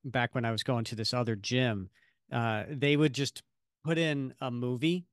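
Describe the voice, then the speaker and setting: A podcast co-host with a medium-pitched, fairly even voice talks at a moderate pace in casual conversation, rambling with plenty of fillers and restarts. The studio-quality recording is dry.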